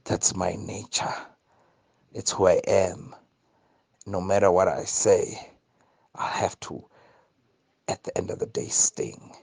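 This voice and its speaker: A man's voice: deep voice, fairly even intonation, takes it slowly, vocal fry, long pauses, darkish tone, husky, dry recording, full character voice. A man voicing a treacherous male scorpion in a spoken folk tale, begging and then matter-of-fact. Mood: resigned.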